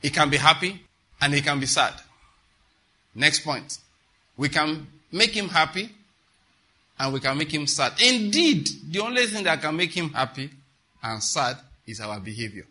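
A man delivers an emphatic sermon, often checking whether his listeners are following. His voice sits a little high and sounds very bright and cutting. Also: lively intonation, normal speed, pauses often. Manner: emphatic, asks the congregation questions. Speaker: preacher.

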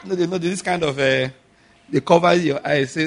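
A man preaching a sermon, telling stories and acting out the people in them with sudden shouts. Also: on the high side, brisk, vocal fry. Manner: storytelling, acts out quoted voices with sudden shouts. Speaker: pastor.

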